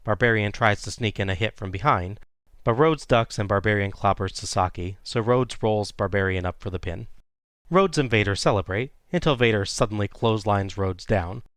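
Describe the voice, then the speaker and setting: Guy with a lowish voice doing casual play-by-play recap, dry close mic. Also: normal speed, no room sound. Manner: steady play-by-play retelling. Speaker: podcast co-host recapping wrestling.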